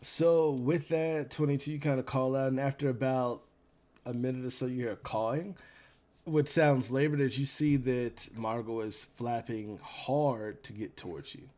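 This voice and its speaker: A man running a tabletop game as game master, narrating scenes in a relaxed, descriptive way. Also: mid-range voice, normal speed.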